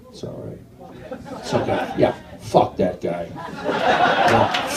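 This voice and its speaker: A man's voice: low voice, slow, pauses often, a loud crowd. Man doing stand-up, rambling and jumpy, live club, noisy room sound. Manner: rambling and jumpy, swinging from mumbled asides to shouted outbursts. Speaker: stand-up comedian. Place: comedy club stage. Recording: roomy, distant club recording with noise. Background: audience laughter.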